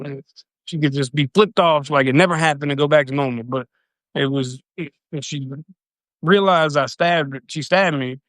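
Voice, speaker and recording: A man tells a personal story on a livestream in a loose, rambling way, swearing freely. His voice sits a bit high and comes across smooth and clear. The sound is dry and close. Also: a bit bright, no echo. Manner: profane, rambling, loose retelling.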